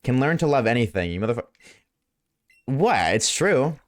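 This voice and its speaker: A man streaming a game live, chatting loosely with viewers at a desk mic, swearing often and swinging between a high put-on tone and his lower everyday voice. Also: very animated, normal speed. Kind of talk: casual live-stream chat while gaming. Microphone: desk microphone.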